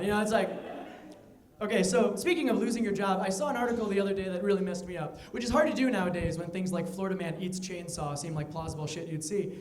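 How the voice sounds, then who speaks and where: A young man performs a stand-up set in a conversational style, tossing off quick asides. His voice sits high, and the room around him rings with echo. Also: darkish tone. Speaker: stand-up comedian. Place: comedy venue with live audience.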